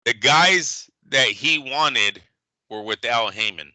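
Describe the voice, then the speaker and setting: A man co-hosting a boxing podcast, talking casually in an animated, profane, emphatic way. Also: mid-range voice, slow, dry recording, poor audio. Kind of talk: casual sports chat.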